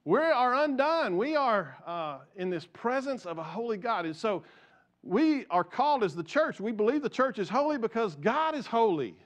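Man pastor, high voice, chatty sermon, repeats himself, jokes with listeners. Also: sing-song, normal speed. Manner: conversational, repeats words, jokes with the congregation. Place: church.

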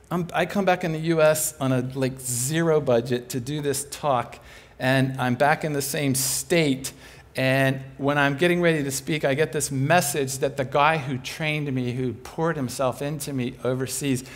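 A man preaching a sermon as an animated, humorous storyteller. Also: mid-range voice.

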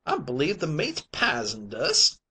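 A man's voice: fairly high pitch, wildly swooping pitch, unhurried, bright, forceful tone, slightly rough, pitched above the performer's own voice, exaggerated voice. A man reading an audiobook, voicing a sick sailor who speaks in a plaintive, complaining way. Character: ailing sailor, male, whiny invalid. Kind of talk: audiobook character voice.

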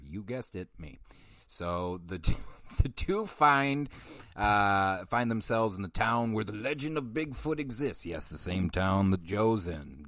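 A low-voiced man rambles through a casual podcast film review. He sounds dry and close to the microphone, and he peppers his talk with swearing, self-mockery and little chuckles. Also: fairly bright tone, no echo. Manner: self-deprecating, profane, chuckling asides. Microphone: studio microphone.

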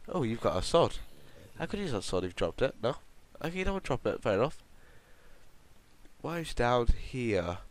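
A man's voice: mid-range voice, big pitch swings, normal speed, pauses often. A man hosting a gaming video, rambling and joking to his viewers as he plays. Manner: rambling, jokey, chatting to viewers. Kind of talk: gameplay commentary.

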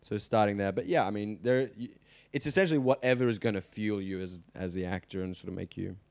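An Australian man, an actor in a casual studio interview, laid-back and joking with halting phrasing. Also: on the low side. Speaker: actor guest.

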